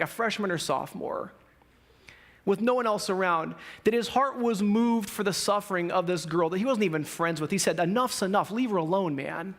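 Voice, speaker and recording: A male pastor preaching a sermon in a casual, animated storytelling way, acting out the people in his stories. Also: high voice. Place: church.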